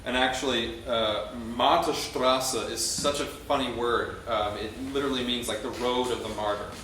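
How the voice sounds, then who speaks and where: Male choral conductor teaching a rehearsal, mid-pitched and measured, faint background noise. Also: fairly even intonation, sharp tone. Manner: explanatory, with frequent ums and restarts. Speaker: choir conductor. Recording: very echoey room, distant mic, faint noise.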